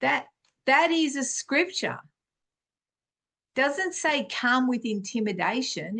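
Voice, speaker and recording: Woman, middle-aged, spiritual teaching, unhurried and chatty, often clears her throat, slightly high voice. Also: a bit bright. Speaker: podcast host and spiritual teacher.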